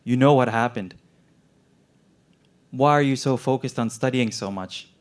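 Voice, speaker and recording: A young man voicing a gentle, sorrowful male doctor from a war zone who asks quiet, probing questions. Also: mid-range voice, a little slow, natural voice. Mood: gently probing.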